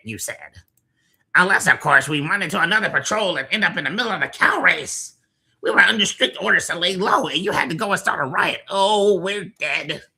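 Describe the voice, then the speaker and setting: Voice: mid-range voice, sharp tone, slightly rough, exaggerated voice. An actor voicing squabbling, cowardly rat creatures in a video game, whiny and bickering. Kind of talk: video game character dialogue.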